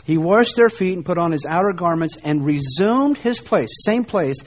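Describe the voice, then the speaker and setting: Animated preacher with a raised voice. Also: male voice, high-pitched, normal speed. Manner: animated, rising and falling emphasis, rhetorical questions. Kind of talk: sermon.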